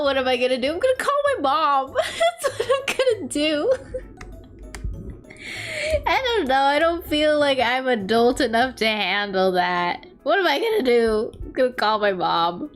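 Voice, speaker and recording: A woman's voice: high-pitched, big pitch swings, normal speed, soft background music. A young adult woman streamer telling rambling, self-mocking stories in casual chat while she draws.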